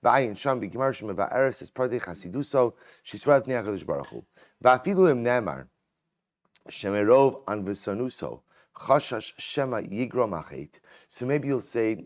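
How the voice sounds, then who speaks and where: A man, a rabbi, giving a Torah lecture in an animated way, often repeating words as he explains texts. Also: on the low side, normal speed, no room sound, studio quality. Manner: animated, repeats words, mixes Hebrew and English. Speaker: rabbi teaching Talmud.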